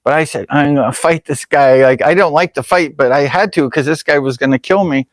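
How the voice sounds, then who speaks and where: A man's voice: fairly high pitch, fairly quick, dry recording. A man vlogger telling a personal story in a casual, rambling way, full of fillers. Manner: rambling, full of "like" and "you know".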